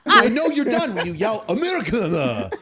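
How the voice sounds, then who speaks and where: Animated man telling army stories. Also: a little high, moderate pace, a crowd in the background. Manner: animated, acts out barking drill sergeant orders in a raised voice. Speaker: former drill sergeant telling stories. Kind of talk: animated storytelling on a stream.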